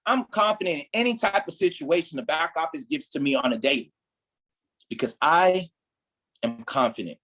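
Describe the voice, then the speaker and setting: A man's voice: mid-range voice, a bit bright, poor audio. A man leading a motivational training talk for his team as their mentor, emphatic and preachy, often checking in with "right?". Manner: emphatic, repeats "right?", preachy build-ups.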